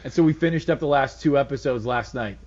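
A man's voice: medium pitch, quick pace, darkish tone, lo-fi sound. A man co-hosting a talk radio show, telling stories in a wry, incredulous way. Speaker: radio co-host. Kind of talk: casual talk radio chat.

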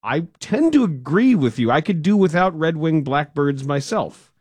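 A man's voice: a little high, very animated, normal speed, darkish tone, husky, dry recording. A man hosting a sports talk radio show, answering a caller with dry jokes. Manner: dry, joking. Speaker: radio host.

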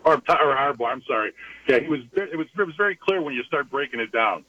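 Deadpan male caller on tinny phone line. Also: medium pitch, fast. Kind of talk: phone call to radio show.

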